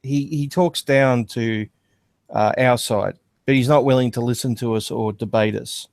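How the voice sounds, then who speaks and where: A man's voice: mid-range voice, steady tone, moderate pace, vocal fry, darkish tone. A man on a livestreamed talk panel, stopping often on ums and uhs. His voice sounds dry and close, with no room echo. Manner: hesitant, many fillers. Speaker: podcast panelist. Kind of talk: casual debate chat.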